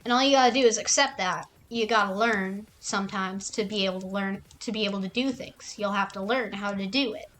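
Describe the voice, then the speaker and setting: A woman streamer ranting casually and with plenty of swearing, acting out other people's lines in quick mock voices. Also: mid-range voice, a bit bright, slight background noise.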